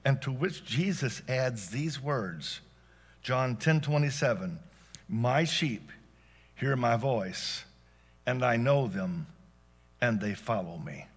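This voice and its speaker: A man preaching a sermon as pastor, dynamic, swinging from loud exclamations to hushed asides. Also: mid-range voice, animated, slow, long pauses, breathy edge.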